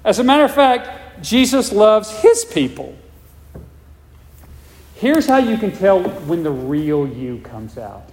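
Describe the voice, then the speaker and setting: A man's voice: high voice, very animated, takes it slowly, darkish tone. A male pastor preaching a sermon, emphatic and repetitive, often checking in with the congregation. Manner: emphatic, repeats points, checks in with "all right?". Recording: long reverb of a large hall.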